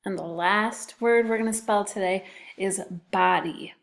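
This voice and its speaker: A woman's voice: medium pitch, vocal fry. A woman teacher giving a phonics lesson to young children, speaking patiently and spelling words out letter by letter. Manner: slow, patient, drawn-out spelling.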